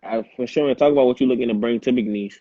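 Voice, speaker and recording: A man's voice: mid-range voice, fast talker, mellow, no room sound. A man interviewing a young athlete, asking questions casually and saying "like" and "for sure" a lot. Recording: dry, phone-like line.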